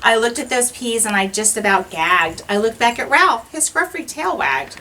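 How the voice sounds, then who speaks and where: A woman teacher reading a rhyming children's picture book aloud in an expressive, sing-song way. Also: on the high side, moderate pace, distant mic, slight background noise, low-quality recording.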